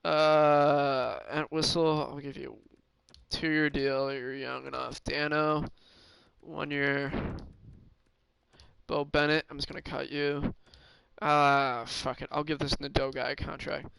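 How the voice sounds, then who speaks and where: A man's voice: on the high side, flat delivery, slow pace, vocal fry, fairly bright tone, smooth, no echo, poor audio. A man streaming a hockey management game, thinking aloud in casual commentary with many fillers and restarts. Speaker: gaming streamer.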